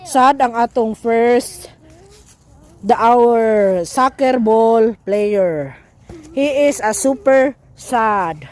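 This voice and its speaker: A woman's voice: a little high, drawn-out words, darkish tone. A young woman with a Filipino Cebuano accent, a mother cheering and laughing as she plays ball outdoors with her kids. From Philippines. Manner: cheering, laughing, playful with children. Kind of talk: casual family vlog.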